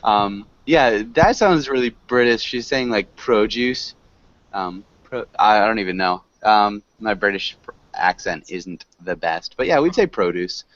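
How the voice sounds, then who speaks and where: A man teaching an online English class, encouraging his students, laughing often and correcting them slowly. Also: on the low side, lively intonation, a bit bright, no echo, dull audio.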